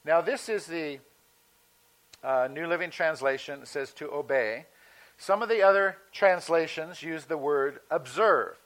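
A male pastor giving a sermon in a conversational teaching manner, slowing down to stress key words. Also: on the high side, fairly bright tone, low-quality recording.

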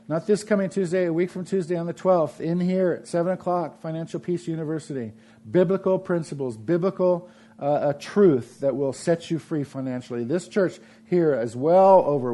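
Emphatic male pastor, mellow voice. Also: on the high side, moderate pace. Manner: emphatic, repeats phrases, shifts between loud and soft delivery. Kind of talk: sermon. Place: church.

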